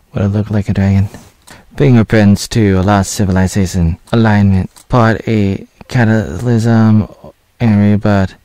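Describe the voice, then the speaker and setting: A video reviewer from Oregon in the United States, a man in his thirties with a gravelly, low, dark and mellow voice, gives a casual spoken review of a series over footage. He rambles loosely, filling his speech with "like" and leaving thoughts half-finished. The sound is dry and close, with no room sound.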